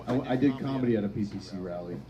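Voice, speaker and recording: A man performing a stand-up comedy set, telling stories in a dry, deadpan way and acting out quotes. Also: medium pitch, moderate pace, crowd noise, poor audio. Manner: deadpan storytelling with acted-out quotes. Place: comedy stage with a laughing audience. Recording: live audience laughter.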